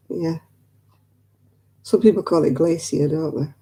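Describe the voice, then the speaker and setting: Woman host, rambling livestream chat with viewers, easy laugh, deep mellow timbre. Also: steady tone, normal speed. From northwest England. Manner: chatty, rambling, laughs easily. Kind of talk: casual chat with live viewers.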